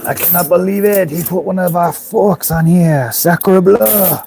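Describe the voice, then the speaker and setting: A man's voice: on the low side, drawn-out words, darkish tone, a little hiss or hum. A man voicing a mock French man who is shocked and indignant, with exaggerated outraged exclamations.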